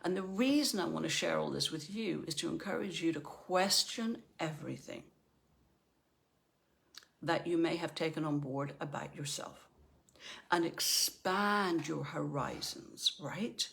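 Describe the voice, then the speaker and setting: A woman's voice: low voice, a little slow, creaky, a bit bright. A middle-aged woman from Northern Ireland, a life coach giving a chatty motivational talk and often checking in with "right?".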